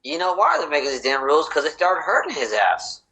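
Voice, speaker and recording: A man's voice: fairly high pitch, sing-song, brisk, bright, forceful tone, husky, low-quality recording. Joking man co-hosting a sports podcast. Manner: joking, mocking, acts out quotes. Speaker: podcast co-host. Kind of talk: casual sports chat.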